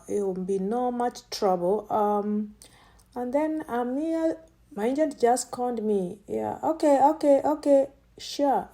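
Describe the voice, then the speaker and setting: A woman talks her way through a casual vlog, thinking aloud as she goes. Her voice sits on the higher side but sounds mellow and soft-edged, and she keeps breaking into exclamations of delight. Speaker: vlogger. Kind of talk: casual running commentary.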